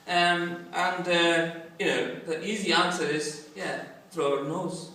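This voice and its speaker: A middle-aged man from India doing a stand-up comedy set with self-mocking, deadpan punchlines. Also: sits high, slow. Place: large echoey performance hall. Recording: echoey hall, distant, noisy.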